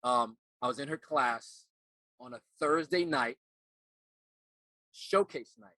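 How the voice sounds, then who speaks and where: Earnest man with a bright, forceful voice. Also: mid-range voice, dry recording. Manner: earnest, halting, repeats words while recalling. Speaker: actor and life coach guest. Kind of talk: reflective personal storytelling.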